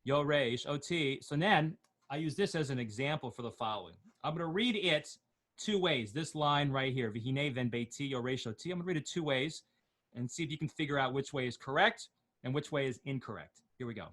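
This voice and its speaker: Man teaching Torah cantillation, slow chanting. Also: fairly high pitch, expressive, fairly bright tone. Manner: slows right down to chant words and notes, then explains in quick asides; jokey, asks questions of the class.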